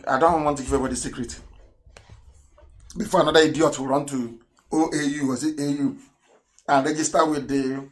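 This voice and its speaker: Fiery man on live broadcast. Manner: emphatic and combative, swinging from shouted points to low asides; laughs often while talking. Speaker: radio broadcaster.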